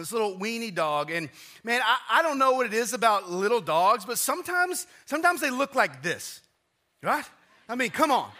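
A pastor delivers a casual, conversational sermon in church. He often restarts phrases and drops his voice low and quiet for emphasis.

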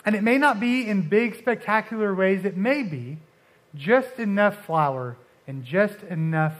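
A man preaching a casual, conversational sermon, often restarting and dropping suddenly soft for emphasis. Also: high voice, animated, a little slow. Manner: conversational, uses filler like and restarts, dramatic drops to soft.

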